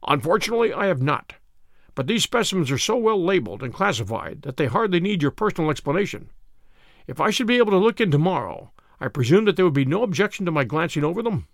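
A man giving voice to a shrewd detective, polite and probing, never hurried. The tone is gravelly and fairly high with lively turns, recorded dry and close. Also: dry recording. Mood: courteous. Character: calm, shrewd male detective, courteous.

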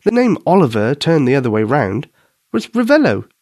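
A man's voice: medium pitch, very animated, normal speed, a little mellow, no echo. A man narrating a children's bedtime story and hosting the podcast. His soothing voice rises and falls with plenty of life. The recording is dry and close.

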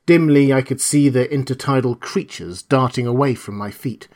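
A man reading a classic novel aloud in the first person, in a measured, steady storytelling manner. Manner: measured, steady storytelling that voices quoted lines with a raised pitch. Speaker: audiobook narrator.

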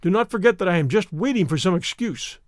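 A man reading the part of a calm, stern gentleman hero, speaking in a measured way. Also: high voice, no room sound, clean studio sound.

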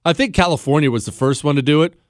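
A man's voice: on the high side, fast, no room sound, studio quality. A middle-aged man hosting a podcast, delivering a heated, indignant commentary monologue full of rhetorical questions. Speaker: podcast host.

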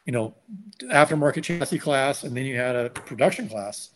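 A man telling a long story in casual conversation, animated and acting out what others said. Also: medium pitch, moderate pace, a little hiss or hum. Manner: animated, acts out quotes of others. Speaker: guest.

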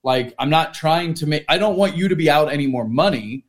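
A man's voice: fairly high pitch, lively intonation, fairly quick. A man co-hosting a podcast in casual chat, talking in a joking, rambling way full of "like". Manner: chatty and joking, heavy use of "like". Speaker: podcast co-host.

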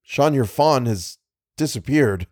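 A man voicing a distraught gentleman who blames himself and speaks urgently about a danger on the loose. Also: medium pitch, expressive, slow, dry recording, clean studio sound. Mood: alarmed. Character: agitated, self-blaming man in alarm.

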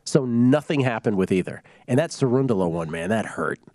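A man hosting a sports betting show, telling jokes and stories in a casual, animated way. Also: medium pitch, a little fast, no room sound, clean studio sound. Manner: joking, animated storytelling.

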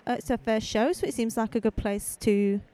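A high-voiced woman hosts a live podcast while strolling between outdoor stalls. She talks into a handheld mic in a chatty, rambling way and keeps throwing in friendly asides. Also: brisk, dark tone. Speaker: podcast host. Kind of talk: casual live walkabout podcast. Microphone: handheld microphone.

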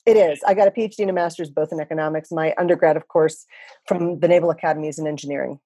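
A woman's voice: deep voice, steady tone, racing, mellow, slightly rough, no room sound. A woman in her fifties, an economist guest on a podcast, explaining things confidently with a chatty, joking manner. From USA. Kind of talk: casual podcast interview.

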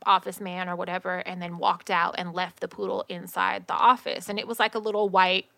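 A woman telling a story in casual chat, animated and slangy, swearing freely. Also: fairly low pitch, a little fast, creaky, no echo.

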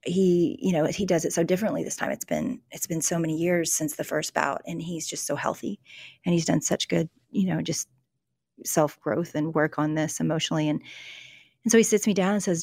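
Middle-aged woman, guest author, earnest storyteller, lowish gravelly voice, dry close sound. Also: steady tone, a little mellow, no echo. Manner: earnest, storytelling, halting restarts. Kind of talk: conversational interview about faith and emotions.

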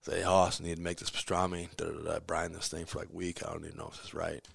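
With a very low, gravelly, husky voice, a fast-talking pizzeria owner tells kitchen stories in a chatty, casual interview. He is an animated storyteller, playing out quoted voices and laughing often. The recording is close and dry, with no room around it.

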